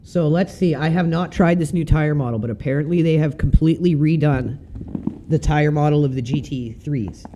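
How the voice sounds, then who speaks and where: A relaxed, chatty man, talking through his sim racing replay for a live stream. His voice sits a bit higher than most men's, with a mellow, warm tone, and he swears casually. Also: normal speed, highs cut off, slight background noise. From Canada.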